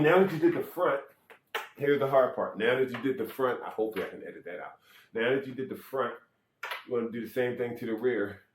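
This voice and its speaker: A man's voice: medium pitch, reverberant, background noise. A man giving a casual, rambling how-to on checking an electric skateboard, counting threads and bolts aloud, correcting himself and joking as he goes.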